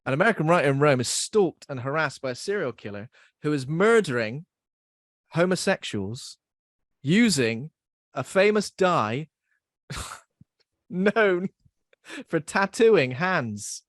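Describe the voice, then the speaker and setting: A young man hosting a podcast, talking in a loose, giggly, self-mocking ramble. His voice sits a little high for a man, and the recording is close and dry, with no room sound at all. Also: very animated, a little slow, pauses often, dry recording. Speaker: podcast host. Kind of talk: casual podcast chat.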